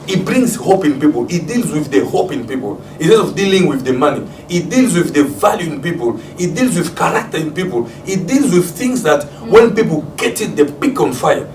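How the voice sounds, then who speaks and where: A man with a Congolese accent preaching a sermon as a pastor. He tells stories and acts out family scenes with loud shouts and laughter. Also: on the high side, big pitch swings, normal speed, hardly any pauses. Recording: echoey room, distant mic, faint background hiss.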